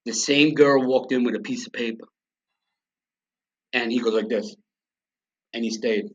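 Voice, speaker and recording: A New York man appears as a podcast guest, telling his story bluntly, profanely and emphatically in a conversational interview. His voice is medium-pitched with fairly even intonation at a measured pace, and the lo-fi recording sounds slightly dull.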